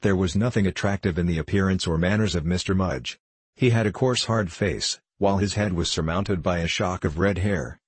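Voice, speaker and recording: Deep husky male narrator. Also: no echo. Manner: measured, formal storytelling. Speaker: audiobook narrator. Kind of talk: scripted narration.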